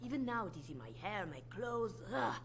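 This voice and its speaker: A woman's voice: medium pitch, sing-song, brisk, a little hiss or hum. An actress playing a scheming female spymaster in a video game, with a put-on French accent and a purring, condescending manner. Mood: mock-gracious. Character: scheming female bard spymaster, silky and menacing.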